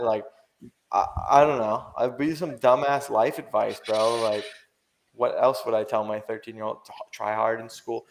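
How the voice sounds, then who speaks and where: Young male podcast guest, gravelly fry in the voice, rambling and slangy, plenty of fillers and swearing. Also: medium pitch, steady tone, moderate pace. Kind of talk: casual podcast chat.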